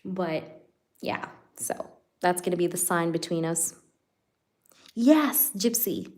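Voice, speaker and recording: A woman's voice: on the low side, slow, darkish tone. A woman hosting a live tarot stream, chatting casually with viewers. She is playful, laughs often and fills her talk with "like" and "you know".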